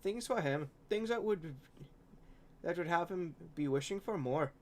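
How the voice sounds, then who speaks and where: A man's voice: fairly high pitch, expressive, a little mellow. Man from Canada reading fiction aloud. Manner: halting, giggly reading, frequent restarts. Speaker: podcast host reading fan fiction.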